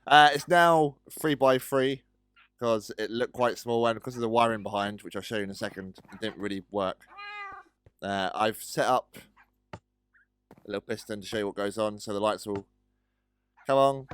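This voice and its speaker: A man's voice: on the low side, normal speed, long pauses, fairly bright tone, clean tone. A man casually commenting on a building game, chatty and hesitant, often talking to his in-game pets. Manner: chatty, talks to pets, hesitant with many ums. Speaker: gaming video host.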